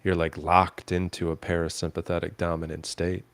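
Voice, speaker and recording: A man in a casual chat, speaking calmly and explaining things with dry remarks. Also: low voice, moderate pace, dry recording.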